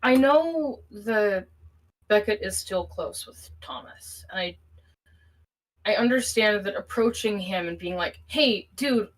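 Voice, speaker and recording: A woman calling into a live stream, speaking earnestly and haltingly, her breathing shaky from panic. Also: medium pitch, rough recording. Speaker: caller. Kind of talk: emotional call-in conversation.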